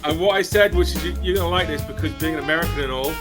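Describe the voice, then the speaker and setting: A man's voice: a little high, rapid-fire, over loud music. A British man hosting a casual podcast interview, chatty and storytelling, with rambling questions. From Britain. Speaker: podcast host, drummer.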